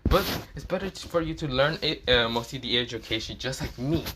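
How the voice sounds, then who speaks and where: A man's voice: medium pitch, brisk, noisy background, lightly acted. A man voicing a cheerful, clingy teenage girl in a fan-made story, his voice lifted slightly and eager.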